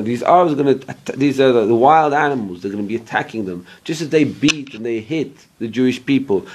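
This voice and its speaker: A Torah teacher leads an informal Bible class in a medium-pitched, slightly mellow voice with a breathy edge. He goes verse by verse, checks in with his listeners, and sometimes pauses to search for an English word.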